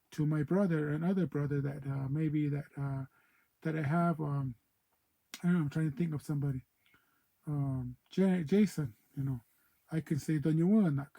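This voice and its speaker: A man with a very dark, mellow voice that still sits a little high in pitch gives an informal language lesson. He speaks unhurriedly, saying each native word more than once and thinking aloud between them. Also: creaky, poor audio. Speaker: O'odham language teacher.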